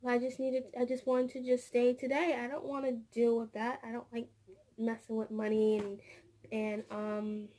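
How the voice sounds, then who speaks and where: A woman's voice: on the high side, monotone, moderate pace, warm tone. A woman vlogger and childcare teacher telling a rambling story about her workday, repeating words and acting out what people said. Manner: rambling, repeats words, acts out quoted dialogue. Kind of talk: casual storytelling vlog.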